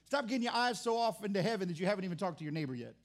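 A man's voice: high-pitched, lively intonation, very fast. A pastor preaching a sermon in an impassioned, conversational way, often restarting his words.

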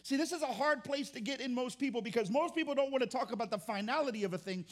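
High-voiced preaching man, drawl. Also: lively intonation, fast. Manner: conversational preaching with repeated restarts; acts out churchgoers' complaints in mock voices. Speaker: pastor. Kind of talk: sermon.

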